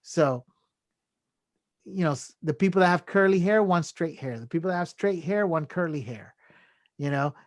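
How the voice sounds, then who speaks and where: A man guesting on a podcast talks at a normal speed with a high-leaning voice, lively intonation, and frequent pauses; the recording is dry with clean studio sound. He gives heartfelt self-help advice in a casual tone, leaning on "right?" and "you know" and chuckling as he goes.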